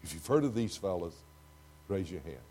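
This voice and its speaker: An older man with a Texan accent preaching a sermon to a congregation, swinging from loud, emphatic lines to hushed ones. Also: low-pitched, big pitch swings, moderate pace. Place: church before a congregation.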